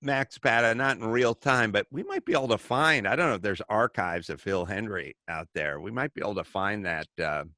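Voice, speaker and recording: A middle-aged man hosting a talk show, telling stories in a casual, animated way, acting out the people he quotes and swearing freely. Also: fairly low pitch, fairly quick, few pauses, no echo, clean studio sound. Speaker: podcast host. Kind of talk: casual storytelling chat.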